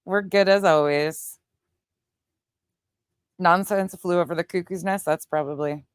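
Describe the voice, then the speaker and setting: A woman's voice: lowish voice, fairly even intonation, unhurried, clear, resonant tone, dry recording. A middle-aged woman with a Southern US accent, chatting casually on a livestream and reading out viewer comments, laughing often and swearing now and then. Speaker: livestream host.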